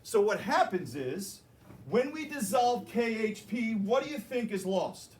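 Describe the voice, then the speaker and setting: A man's voice: sits high, lively intonation, unhurried, darkish tone, slight background noise. A man teaching a chemistry class, explaining and joking with his students as he goes. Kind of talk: classroom lecture.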